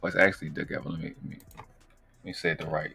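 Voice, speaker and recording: A man's voice: a bass voice, level tone, quick pace, vocal fry, pushed and bright, breathy edge, faint music behind. A man with a Baltimore accent hosting a live stream, talking loose and profane, rambling with slang. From Baltimore, USA. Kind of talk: casual live stream commentary.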